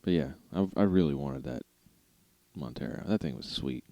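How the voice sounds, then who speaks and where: A man's voice: sits low, expressive, normal speed, gravelly, dark tone, no room sound, muffled recording. A man co-hosting a car podcast, telling rambling stories in a laid-back way and laughing often. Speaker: podcast co-host. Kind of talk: casual chat.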